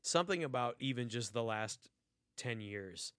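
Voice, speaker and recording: A man's voice: mid-range voice, lively intonation, moderate pace, fairly bright tone, clean tone, dry recording, studio quality. Exasperated man ranting on a podcast. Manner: exasperated ranting with heavy swearing. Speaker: podcast co-host. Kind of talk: casual chat.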